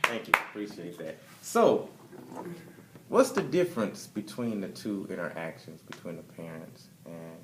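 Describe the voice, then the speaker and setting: Lively, encouraging man leading a workshop. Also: low-pitched, a little slow. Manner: casual, encouraging, asks the group questions. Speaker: parenting workshop facilitator. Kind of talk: leading a class. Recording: echoey room, distant mic, background noise.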